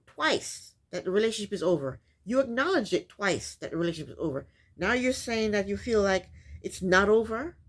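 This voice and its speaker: A woman host recapping a reality TV episode in casual commentary, incredulous and repeating her points for emphasis. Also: mid-range voice.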